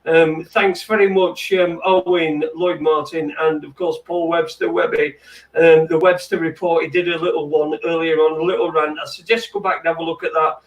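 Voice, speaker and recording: A man's voice: a little high, level tone, normal speed. A man hosting a casual late-night chat show, rambling and stammering with plenty of swearing. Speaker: host. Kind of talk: casual banter. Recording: distant from the mic.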